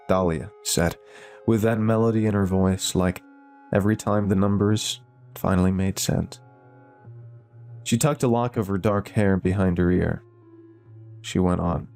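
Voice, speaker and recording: A man narrating a scripted horror story in a steady, measured way. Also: low-pitched, gravelly. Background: faint music.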